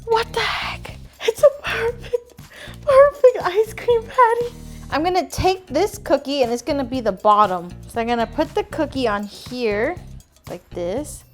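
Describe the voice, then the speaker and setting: Giggly high-voiced woman food vlogger. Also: fairly bright tone. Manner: giggly, squealing, talks to viewers. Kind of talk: excited cooking vlog.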